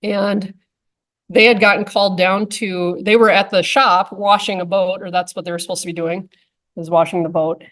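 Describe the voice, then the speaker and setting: A woman's voice: mid-range voice, fairly bright tone. A woman conservation officer telling a casual, anecdotal story to a club audience, with frequent fillers like "um" and "like". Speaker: conservation officer giving a talk.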